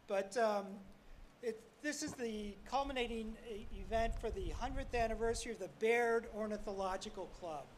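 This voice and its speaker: A man's voice: high voice, noisy background. An older man giving a ceremony speech outdoors, telling wry, self-deprecating stories about his club. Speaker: ornithology club past president speaking at a ceremony. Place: outdoor street-corner ceremony.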